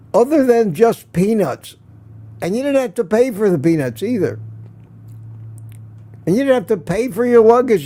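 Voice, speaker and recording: A man with a high, warm voice hosts a relaxed live morning stream. He tells rambling stories, chuckles often, and answers viewer comments.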